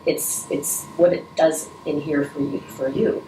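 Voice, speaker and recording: Her pitch is low and her tone dark, with fairly even intonation and an unhurried delivery. The middle-aged woman, a Rotary vice president being interviewed, answers with earnest emotion, frequent restarts and moments of choking up. It was captured from afar in an echoey room, with faint noise.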